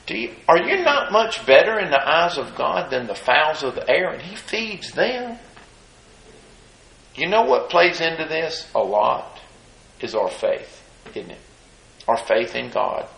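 A man preaching a sermon. He reads scripture in a measured cadence and asks the congregation folksy rhetorical questions. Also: on the high side, very animated, vocal fry, a bit bright. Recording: echoey room.

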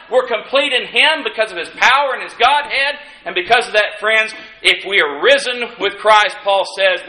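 In a roomy, echoing church sanctuary, a man preaches in a high, bright voice while the congregation answers with amens. He's folksy and wry, slipping in dry, humorous asides and pushing harder on the key lines of his sermon.

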